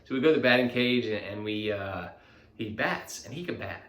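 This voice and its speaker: A man in his thirties, a host talking about parenting in a confessional vlog, animated and self-mocking, acting out what others say. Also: lowish voice, a little fast, roomy sound. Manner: animated, self-mocking, acts out quoted voices. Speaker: vlogger.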